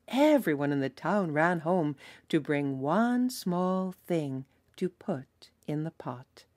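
A young woman preschool teacher reading a picture book aloud in an animated storytelling voice. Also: low-pitched, slow pace, dry recording, clean studio sound.

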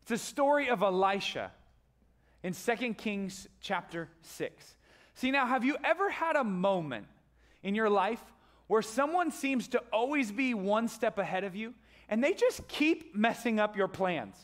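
A male pastor preaching a sermon, telling a story with animated voices and sudden loud, high outbursts. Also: measured pace. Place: church stage.

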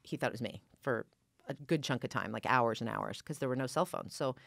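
A woman's voice: extremely low pitch, fairly quick, gravelly. A woman in her forties, an actress, telling a personal story in a casual interview and acting out what people said. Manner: animated, acts out quoted dialogue. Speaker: guest, actress.

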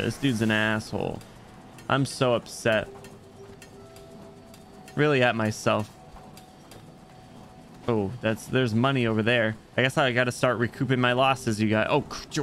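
Male streamer, mid-pitched voice, loud excitable reactions while playing, talks to chat, faint game music behind. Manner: excitable, exclamatory reactions, chats to viewers. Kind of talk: live gameplay commentary.

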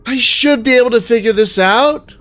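A man's voice: very high-pitched, normal speed, a bit bright, soft background music. A sick, tired man swearing and ranting at the game he is playing in a casual commentary. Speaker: let's play gamer.

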